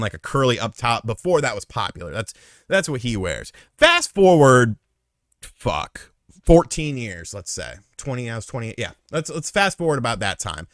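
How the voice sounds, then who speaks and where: A man around thirty telling a story casually, acting out the quotes with big jumps in loudness and swearing freely. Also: no room sound, clean studio sound. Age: late 20s or 30s. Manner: animated, acts out quotes with big swings in pitch and volume, swears freely.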